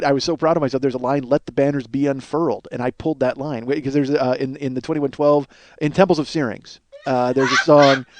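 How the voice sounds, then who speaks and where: A man's voice: mid-range voice, darkish tone, no room sound. A middle-aged man hosting a solo podcast, telling rambling, crude, self-mocking stories. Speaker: podcast host.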